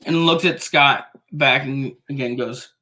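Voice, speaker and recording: Slow-talking tabletop player. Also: medium pitch, bright, forceful tone, low-quality recording. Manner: slow, descriptive. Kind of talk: casual tabletop play.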